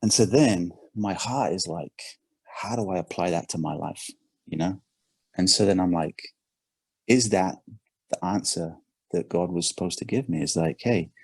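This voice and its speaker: An English man, a performance coach, tells an animated story in a podcast interview, often repeating his words. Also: deep voice, gravelly, slightly rough, no room sound. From England.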